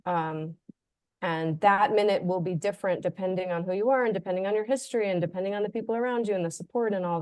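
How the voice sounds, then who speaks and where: A woman's voice: fairly low pitch, darkish tone, dry recording. Chatty woman author, dry close sound. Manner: chatty, leans on "like", acts out quoted inner voices. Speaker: author and guest. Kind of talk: casual conversational discussion.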